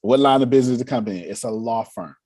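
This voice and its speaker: A man leading a motivational meeting on money and cash flow, animated and laughing as he acts out quotes. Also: medium pitch, racing. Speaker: finance coach leading a meeting. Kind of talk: motivational talk.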